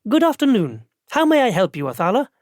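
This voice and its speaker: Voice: medium pitch, wildly swooping pitch, a little fast, no room sound, studio quality, voice pushed up. A narrator voicing a composed woman who supervises office clerks, speaking formally and politely.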